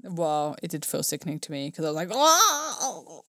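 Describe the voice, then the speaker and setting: A woman co-hosting a podcast in casual chat, chatty and animated, her pitch jumping up when she gets excited. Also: fast talker, dry recording, studio quality. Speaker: podcast co-host.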